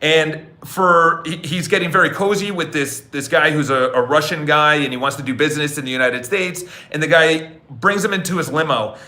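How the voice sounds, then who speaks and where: A man hosts a podcast with a high, bright voice, lecturing bluntly and preachily. He repeats words and keeps asking "okay?" to drive his points home. The room around him sounds echoey. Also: moderate pace, hardly any pauses. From New York City. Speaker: podcast host. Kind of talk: casual motivational monologue.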